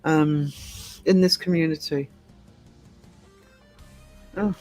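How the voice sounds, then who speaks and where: A man's voice: fairly high pitch, fairly even intonation, slow, soft background music. A man hosting a livestream, chatting casually and rambling with many hesitations as he answers live comments. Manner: rambling, hesitant, full of ums. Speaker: livestream host.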